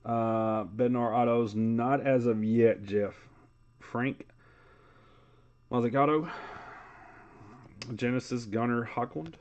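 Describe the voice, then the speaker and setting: A man's voice: mid-range voice, steady tone, takes it slowly, pauses often, darkish tone, dull audio. A man hosting a live sports card break, calling out player names in a casual, chatty way.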